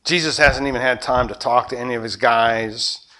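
A man preaching a sermon, animated, acting out scenes and shifting between loud and soft. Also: medium pitch, normal speed. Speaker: pastor.

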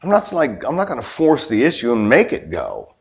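A man's voice: mid-range voice, huge pitch swings, a little fast, vocal fry. A middle-aged man preaching a sermon in a conversational way, firing rhetorical questions at the congregation and tossing in joking asides. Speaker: pastor.

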